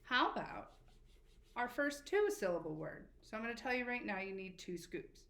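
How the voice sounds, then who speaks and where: A woman teacher giving a spelling lesson to children, patient and encouraging, slowly spelling letters out. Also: mid-range voice, big pitch swings, a bit bright. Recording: echoey room with faint background noise.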